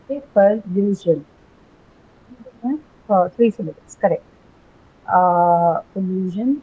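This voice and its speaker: Woman teacher, husky and mellow, patient explainer, muffled audio. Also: medium pitch, animated, takes it slowly, pauses often. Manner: patient, explains step by step with many ums and rights. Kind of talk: online English phonetics class.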